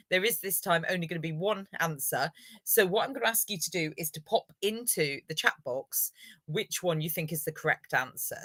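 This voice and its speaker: A woman with a lowish, bright, forceful voice hosts a live online revision lesson, running a quiz and cheering viewers on. Upbeat and encouraging, she praises them throughout, and the recording is dry.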